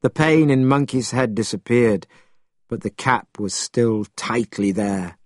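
A man reading a storybook aloud, expressive and measured. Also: mid-range voice, dry recording, studio quality. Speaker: narrator.

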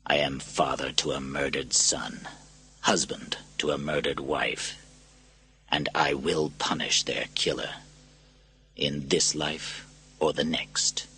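A man doing Maximus, a husky, solemn Roman general. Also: extremely low pitch, steady tone, slow pace, bright, forceful tone, voice pushed down, full character voice. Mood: grim. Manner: solemn, declaiming. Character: proud, grieving male Roman general.

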